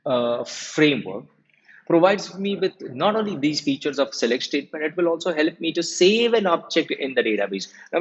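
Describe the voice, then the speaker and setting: A man in his forties giving a live technical lecture as a software trainer. He repeats his key points and keeps quizzing the class with checking questions. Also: a little high, slightly rough. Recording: muffled lo-fi audio.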